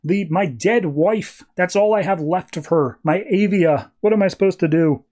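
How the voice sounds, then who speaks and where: A man voicing a grieving male war leader who pleads with halting repeats. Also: sits high, darkish tone, voice pushed up, lightly acted. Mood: anguished.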